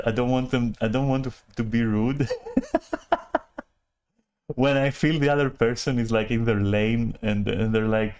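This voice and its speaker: A man talking in a casual rambling monologue, often apologizing, laughing and swearing as he restarts his sentences. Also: medium pitch. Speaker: channel host.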